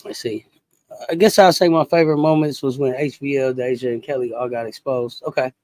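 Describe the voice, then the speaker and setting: A woman hosting a casual sports talk livestream, animated and chatty, greeting viewers and reacting to chat comments. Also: a bass voice, a little fast, dry recording. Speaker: sports talk show host.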